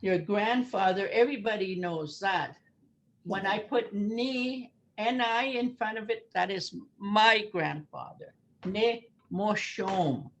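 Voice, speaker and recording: A woman's voice: mid-range voice, unhurried, fairly bright tone. An older woman teaching a language lesson over a video call, patiently repeating words for her learners.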